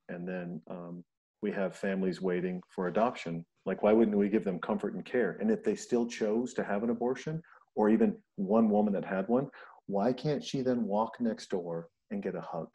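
A middle-aged man from Montana hosting a podcast, telling stories in casual chat and acting out the quotes. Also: on the low side. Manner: animated storyteller, acts out quotes. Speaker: podcast host.

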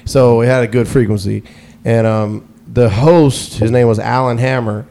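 A man's voice: medium pitch, steady tone, moderate pace, mellow. Easygoing man telling a long story. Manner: rambling, restarts often, laughs easily. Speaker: guest DJ. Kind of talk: casual interview storytelling.

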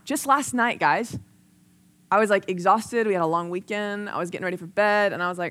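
Preaching into a microphone, a woman speaks fairly quickly in a bright, medium-pitched voice. She tells personal stories in an earnest, conversational way, leaning on "like" and gradually building intensity.

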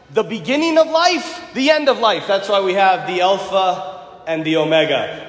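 A fired-up male preacher with a high, lively voice that swings widely from low murmurs to ringing shouts. He preaches a sermon in a large church, and every word rings out with a long, echoing reverb. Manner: impassioned, rising to shouts, acts out quoted voices. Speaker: priest.

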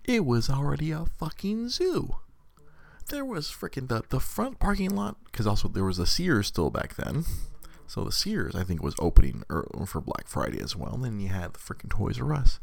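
A man's voice: mid-range voice, big pitch swings, moderate pace, creaky, no echo. A man, casually telling a rambling story to viewers, repeating words and laughing often.

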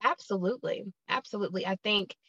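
Brief: American woman, thirties, strong vocal fry, earnest podcast guest, dull dry recording. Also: mid-range voice, quick pace, a bit bright, dry recording. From Alabama, United States. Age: 30s. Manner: earnest, repeats herself, frequent "um". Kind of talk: casual interview chat.

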